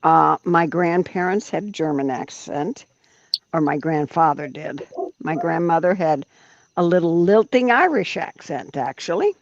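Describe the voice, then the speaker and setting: Low-voiced woman chatting bluntly on a livestream. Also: lively intonation, unhurried, dry recording. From United States. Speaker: livestream host. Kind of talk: casual livestream chat. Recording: dull dry lo-fi stream audio.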